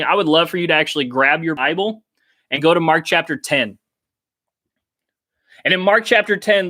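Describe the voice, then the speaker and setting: A youth pastor with a high, pushed and bright voice teaches a Bible story to teenagers in sermon style. He talks earnestly and directly to his young listeners, repeating phrases for emphasis.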